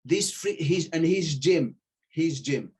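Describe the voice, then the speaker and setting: Husky man telling gym stories. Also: on the high side, takes it slowly. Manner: animated storyteller, acts out quoted voices, swears casually. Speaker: podcast guest telling stories. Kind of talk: casual storytelling chat.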